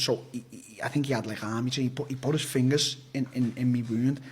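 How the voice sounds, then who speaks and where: A man's voice: medium pitch, steady tone, fast, few pauses, husky. A young man telling a story on a podcast, rambling and blunt, swearing freely and often restarting his sentences. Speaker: podcast guest. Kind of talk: casual storytelling.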